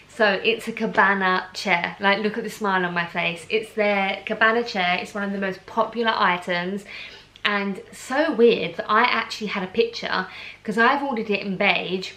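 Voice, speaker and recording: Young pregnant uk woman vlogging, gushy excited chatter, lots of ums and likes. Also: medium pitch, normal speed, rough recording. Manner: gushing, enthusiastic, lots of fillers like "um" and "like". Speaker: vlogger hosting a charity giveaway. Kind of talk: casual chatty vlog.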